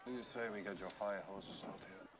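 A man's voice: lowish voice, normal speed, lightly acted. A man playing a sardonic wartime officer. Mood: dry. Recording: distant film audio, loud background noise.

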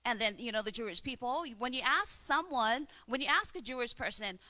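A woman preaching a sermon, telling stories and demonstrating slow breaths. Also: fairly high pitch, lively intonation, sharp tone.

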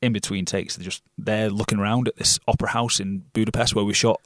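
A British actor telling stories as a guest in a casual interview, blunt and swearing freely. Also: male voice, lowish voice, fairly even intonation, quick pace, fairly bright tone, no echo, studio quality. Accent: non-RP British. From Britain.

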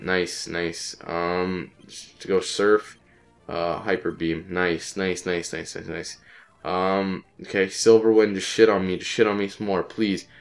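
A man with a sick voice giving casual let's-play commentary, frustrated and swearing, repeating phrases in quick bursts. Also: low-pitched. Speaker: gaming channel host.

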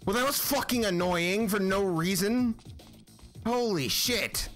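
A man giving profane, excitable commentary while playing a video game, often shouting at it. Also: sits high, unhurried, music in the background. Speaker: gaming channel host. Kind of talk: gameplay commentary.

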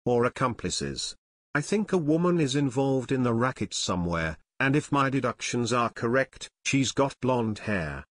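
A man's voice: mid-range voice, expressive, moderate pace, no room sound, close to an everyday voice. A man voicing a smug, bumbling would-be detective who is sure of his own deductions. He sounds pompous and self-satisfied. The audiobook recording is dry and close.

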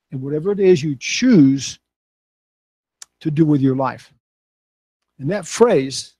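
A man's voice: fairly high pitch, slightly rough, no room sound. Casting: older man, folksy storyteller, slightly raised voice, dry close sound. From Texas. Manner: folksy, animated when quoting others. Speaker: speaker. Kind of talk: storytelling talk.

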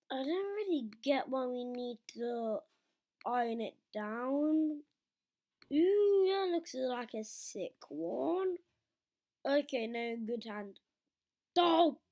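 A woman's voice: on the high side, a little mellow. A woman giving playful, chatty commentary while playing a video game, talking to the game characters. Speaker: gameplay commentator. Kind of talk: casual let's-play commentary.

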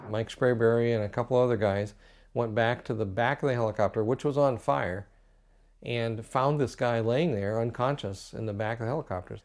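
An older man, a war veteran, recounting combat memories haltingly in a documentary interview. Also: mid-range voice, a little mellow. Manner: halting, many fillers.

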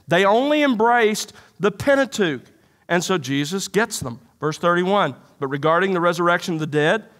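A pastor with a notably high, light voice preaches to his congregation. He reads scripture aloud and then unpacks it with emphatic rhetorical questions. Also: fairly bright tone. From United States. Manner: expository preaching, quoting and explaining scripture. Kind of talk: sermon. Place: church sanctuary.

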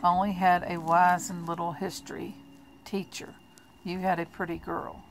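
A sly vampire brother from a storybook, calm and ironic as he taunts, voiced by a woman reading in a low, gravelly tone. Faint music sits behind the voice. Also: moderate pace, lightly acted, rough recording. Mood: mocking. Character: mocking, smooth older vampire brother.

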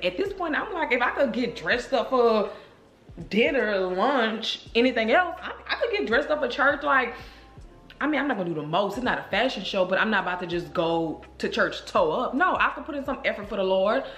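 A woman vlogger telling a story to her viewers in a chatty, animated way, speaking straight to the camera. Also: on the high side, brisk. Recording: roomy echo.

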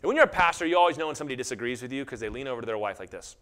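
A middle-aged man preaching a sermon, telling stories animatedly and acting out quotes in lively voices. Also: mid-range voice, very fast, clean tone. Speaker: pastor.

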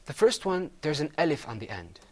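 A man's voice: a little high, sing-song, a little fast. A man teaching Quran recitation, patiently having his students repeat words after him. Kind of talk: classroom recitation lesson.

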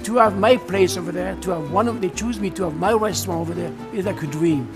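A man's voice: high-pitched, fast talker, over music. A man with a French accent, a chef, talking casually and enthusiastically about his cooking. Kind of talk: casual interview talk.

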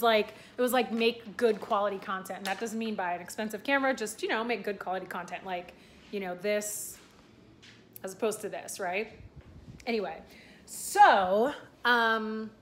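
A woman's voice: mid-range voice, a little hiss or hum. Young woman rambling to her camera, chatty, lots of likes and ums. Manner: rambling, chatty, many fillers and restarts. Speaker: vlogger and aspiring content creator. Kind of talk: casual talking-head vlog.

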